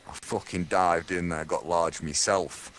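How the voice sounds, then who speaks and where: A man's voice: sits low, steady tone, a little slow, a bit bright, slight background noise. A young man from Lincolnshire, telling a rambling, crude comic tall tale full of swearing. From Lincolnshire, England.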